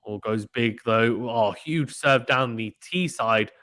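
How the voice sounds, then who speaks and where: Male streamer, casual excitable play-by-play, dry booth sound. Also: medium pitch, takes it slowly, dry recording. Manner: chatty, excitable, uses British slang. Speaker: live tennis stream commentator. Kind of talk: casual live play-by-play commentary reading chat.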